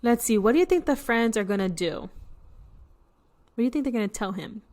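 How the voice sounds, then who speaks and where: A young woman reading a picture book to children, pausing to point at pictures and ask questions. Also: a little high, lively intonation, darkish tone. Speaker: storytime reader.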